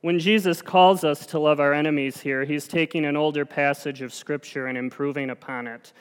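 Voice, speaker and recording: A man preaching in a church sanctuary, earnest and conversational, sometimes poking fun at himself. His smooth, resonant voice rings out with a long reverb that fills the hall. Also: fairly high pitch, steady tone, normal speed. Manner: earnest, self-deprecating and conversational. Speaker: lay preacher. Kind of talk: sermon.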